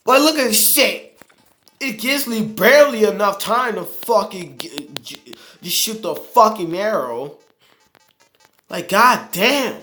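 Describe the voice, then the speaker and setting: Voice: mid-range voice, expressive, slow pace, sharp tone, roomy sound, soft background music. A game reviewer ranting in exasperated, profane commentary while playing, with sudden outbursts.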